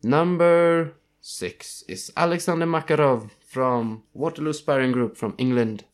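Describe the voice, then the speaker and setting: A man's voice: on the high side, unhurried. A young man co-hosting a casual podcast, reading ranking lists and tripping over foreign names. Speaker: podcast co-host.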